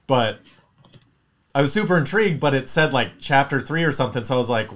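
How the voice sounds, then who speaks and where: A man's voice: medium pitch, animated, brisk, a bit bright. A man co-hosting a casual podcast chat, joking, swearing a lot and acting out the people he quotes.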